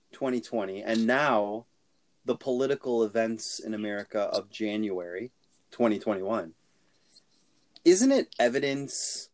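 A man co-hosting a podcast discussion, speaking slowly and deliberately as he picks his words with care. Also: fairly low pitch, a little mellow. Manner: slow and deliberate, choosing words carefully. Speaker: podcast co-host.

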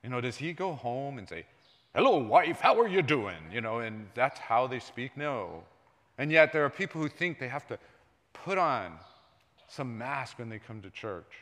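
A man preaching a sermon in a conversational way, sometimes dropping his voice low and sometimes raising it loud. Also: animated, normal speed. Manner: conversational preaching, jumps between soft and loud. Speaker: pastor. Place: church sanctuary. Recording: long hall reverb.

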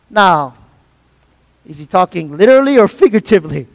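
Male pastor, high voice, repetitive, call-and-response sermon, heard off-mic in a long-echo hall. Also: normal speed, long pauses. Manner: preaching with call-and-response asides; repeats phrases for emphasis, some stumbles.

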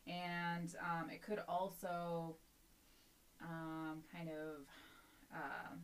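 A woman's voice: deep voice, flat delivery, very slow. A woman co-hosting a podcast, speaking casually and hesitantly with many ums and likes. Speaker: podcast co-host. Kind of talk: casual chat.

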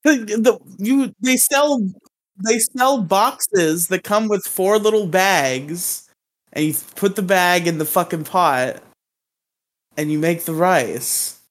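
A man's voice: high voice, takes it slowly, fairly bright tone. A man co-hosting a podcast, bantering and joking in casual chat. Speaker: podcast co-host.

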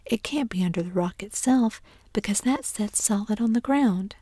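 A woman's voice: mid-range voice, normal speed, mellow, husky, no echo, studio quality, close to an everyday voice. A woman whispering the part of a bold, adventurous boy in a whispered role-play, eager and a little bossy, with folksy speech. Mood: urgent.

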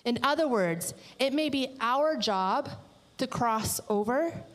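A woman's voice: a little high, animated, takes it slowly, long reverb tail, rough recording. A woman pastor preaching a sermon, reading scripture and adding chatty, playful asides.

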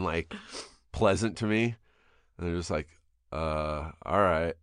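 A middle-aged man hosting a podcast, chatting casually and telling stories with animated impressions and plenty of swearing. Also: low-pitched, takes it slowly, dry recording, clean studio sound. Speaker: podcast host. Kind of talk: casual chat.

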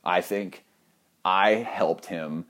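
A young man with a fairly low voice tells a comic story from his own life. He swears freely and pokes fun at himself, his delivery lively and loose. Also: drawn-out words. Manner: animated, profane, self-mocking, laughs often. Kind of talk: comedic personal anecdote.

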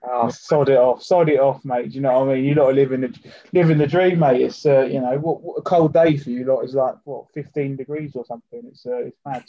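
A man's voice: mid-range voice, fairly even intonation, fairly quick, dark tone. A man chats in a loose, rambling way, leaning on fillers and asides as a podcast co-host. His voice comes through a remote line that sounds dull and lo-fi. It is dry, with no room echo. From United Kingdom. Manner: chatty, full of fillers and "do you know what I mean". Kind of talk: casual chat.

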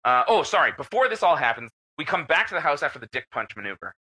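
A man's voice: fairly high pitch, fast, husky, low-quality recording. A middle-aged man co-hosting a podcast, telling a rowdy story in a loose, profane, laughing way. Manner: animated, profane, laughs while telling stories. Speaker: podcast co-host. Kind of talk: casual storytelling chat.

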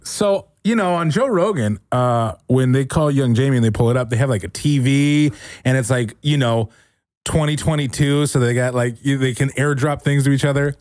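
A man's voice: mid-range voice, moderate pace, no room sound, clean studio sound. A man co-hosting a podcast, teasing his guest in casual chat and laughing often. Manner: animated, teasing, laughs a lot. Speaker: podcast co-host.

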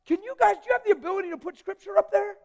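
A man preaching a live sermon in a church hall, emphatic and joking with the congregation, swinging from hushed asides to loud declarations. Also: very high voice, racing, vocal fry. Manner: jokes with the congregation.

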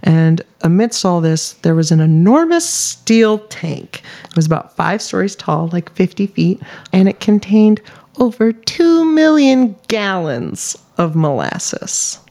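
A woman's voice: medium pitch, sing-song, slow, mellow. A woman co-hosting a casual podcast, telling a history story to friends in a loose, chatty way with lots of fillers and laughs. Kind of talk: casual chat among friends.

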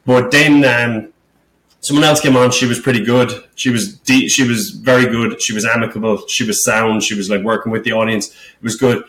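A man's voice: mid-range voice, steady tone, normal speed, fairly bright tone. A man who hosts a podcast and does stand-up comedy, telling a story in a worked-up, rambling way and swearing a lot. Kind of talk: casual podcast chat. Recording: roomy echo.

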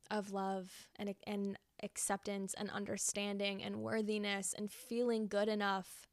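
A woman's voice: medium pitch, no room sound, studio quality. A young woman hosting a podcast, talking earnestly through a reflective self-help monologue and repeating phrases for emphasis. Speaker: podcast host.

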